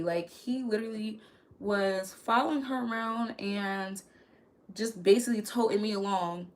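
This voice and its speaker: A woman's voice: medium pitch, fairly bright tone. A woman vlogger telling a personal story in a candid, casual way, full of slang and swearing.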